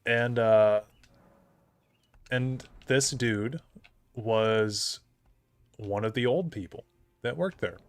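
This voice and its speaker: A man's voice: mid-range voice, very slow, pauses often, no room sound. A young man streaming, telling a rambling anecdote about an old coworker and laughing often as he talks. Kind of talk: casual storytelling on a live stream.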